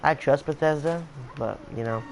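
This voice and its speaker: A man co-hosting a casual game review, steering the topics and giving measured opinions. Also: on the high side, gravelly, a little hiss or hum, rough recording. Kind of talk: casual chat.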